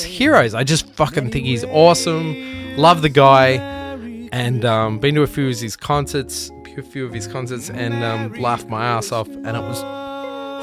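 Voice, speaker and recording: A man's voice: medium pitch, a bit bright. A man hosting a podcast, giving a rambling, profane, earnest pep talk and telling a story. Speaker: podcast host. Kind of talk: casual pep talk and anecdote.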